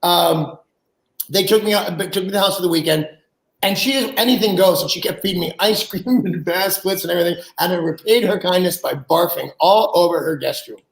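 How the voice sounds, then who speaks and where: Gravelly high-voiced older man telling stories. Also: brisk, reverberant, low-quality recording. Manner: animated storyteller who acts out quoted people, laughs mid-story. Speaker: guest. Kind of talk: anecdotal storytelling.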